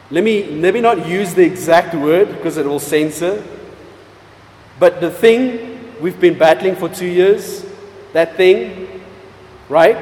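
A pastor preaching a sermon with emphatic delivery, swinging between loud stresses and quiet, drawn-out words. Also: male voice, on the high side. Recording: echoey hall with long reverb.

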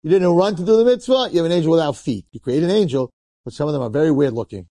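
Mellow-voiced rabbi telling a story. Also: male voice, fairly high pitch, racing, no room sound, studio quality. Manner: animated, conversational, acts out quotes. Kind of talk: storytelling sermon.

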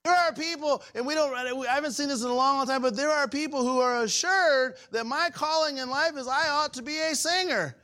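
Pastor preaching, high voice, chatty, asks the crowd questions, loud then hushed. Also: male voice, brisk, hardly any pauses. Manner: conversational preaching with frequent questions to the congregation; wide swings between raised and hushed delivery. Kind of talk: sermon.

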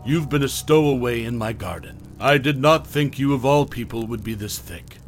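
A man's voice: mid-range voice, moderate pace, faint music behind, close to an everyday voice. A man voicing a formal, haughty reclusive woman who tends a grand garden, in a horror story. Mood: alarmed.

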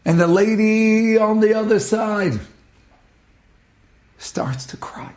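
A man giving a storytelling sermon as a religious teacher, dramatic, dropping to hushed tones and rising to impassioned peaks. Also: high voice, fairly even intonation, slow pace.

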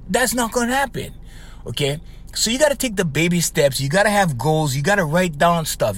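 A middle-aged man with a Hawaiian Pidgin-tinged accent, rambling casually as a life coach podcast host and tagging lines with "right?". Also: high-pitched. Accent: Hawaiian Pidgin-tinged English. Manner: rambling, conversational, frequent "right?" tags; laughs often while telling stories. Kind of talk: casual monologue.

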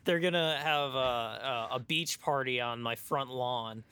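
A man co-hosting a comedy podcast, talking in a halting way with lots of fillers. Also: medium pitch, pushed and bright, clean tone, no room sound. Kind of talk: casual comedy chat.

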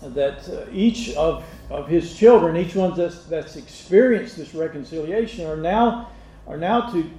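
A man's voice: on the high side, mellow. Man preaching in an echoey church. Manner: unhurried, halting delivery with many restarts and fillers; asks the congregation direct questions. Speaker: pastor. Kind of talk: sermon.

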